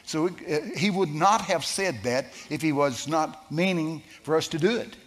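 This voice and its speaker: A man preaching a sermon, telling a story with lively shifts and asking the congregation questions. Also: a little high, normal speed. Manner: storytelling, animated, asks the crowd questions. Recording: long hall reverb.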